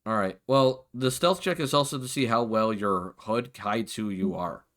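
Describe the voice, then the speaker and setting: A man's voice: on the low side, moderate pace, fairly bright tone. A man narrating casually as game master of a tabletop game, with many fillers.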